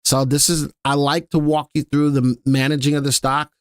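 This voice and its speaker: A man's voice: a little high, level tone, moderate pace, clean tone, no echo, clean studio sound. A man hosting a live stock-analysis stream, chatting casually with viewers and crew and repeating his key points. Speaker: livestream stock analyst host.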